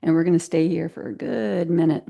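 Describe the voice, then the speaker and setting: Gentle slow-cueing woman yoga teacher. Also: deep voice, steady tone, vocal fry, lo-fi sound. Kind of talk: guided yoga class. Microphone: video call.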